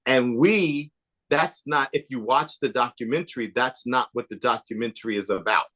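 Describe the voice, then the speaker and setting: A man being interviewed on a podcast, telling behind-the-scenes stories in an animated, gossipy way, swinging between emphatic bursts and hushed asides. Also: medium pitch, normal speed. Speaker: podcast guest, author and documentary maker. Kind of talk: casual interview chat.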